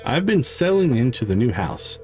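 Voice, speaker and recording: A man's voice: mid-range voice, very animated, moderate pace, a little mellow, lightly acted. A man reading aloud the lines of a weary middle-aged woman who drinks too much and feels something is missing, in his own plain voice. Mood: wistful. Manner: reads game dialogue aloud in a plain voice. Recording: faint game music behind.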